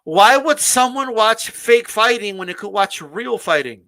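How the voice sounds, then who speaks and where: A man hosting a live stream, giving an animated, casual rant full of restarts and the odd swear. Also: high voice, measured pace. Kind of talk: casual ranting commentary.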